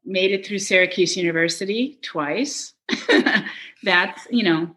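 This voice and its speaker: A middle-aged woman chatting in an interview, telling animated stories, laughing often and quoting people. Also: on the low side, takes it slowly. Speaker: guest, touring production manager. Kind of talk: casual interview chat.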